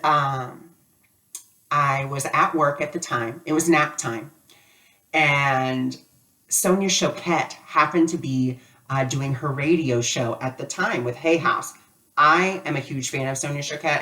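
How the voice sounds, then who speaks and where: A man's voice: a little high, bright, forceful tone. A man giving a casual spiritual lesson, telling a personal story in a chatty way with many fillers. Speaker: spiritual teacher. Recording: voice a bit distant from the mic.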